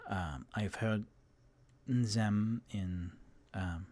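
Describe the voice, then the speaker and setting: A man voicing an adult woman with a put-on French accent, speaking slowly and measuredly with hesitant pauses. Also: on the low side, darkish tone. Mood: informative.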